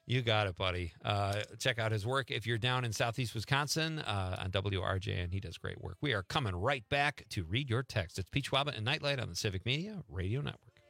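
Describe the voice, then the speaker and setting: Lively, bright-voiced joking radio host. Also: male voice, on the low side, fairly quick, vocal fry, no echo. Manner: joking, teasing, laughs often. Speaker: radio talk show host. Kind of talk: casual radio quiz chat.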